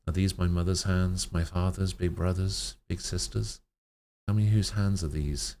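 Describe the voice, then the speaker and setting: A man's voice: sits low, fairly even intonation, measured pace, warm tone, slight background noise. A man voicing a frightened, dying little girl who clings to her family and pleads tearfully. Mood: joyful.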